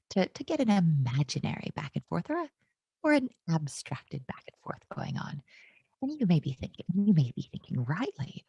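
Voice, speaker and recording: A woman's voice: fairly low pitch, big pitch swings, moderate pace, mellow, breathy edge, no room sound. A woman from the United States giving a conference keynote, full of wry, self-mocking humor.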